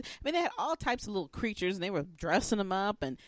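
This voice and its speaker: A woman's voice: medium pitch, big pitch swings, fast, dry recording. A woman co-hosting a podcast in casual chat, teasing and emphatic, often ending a point with a check-in. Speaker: podcast co-host.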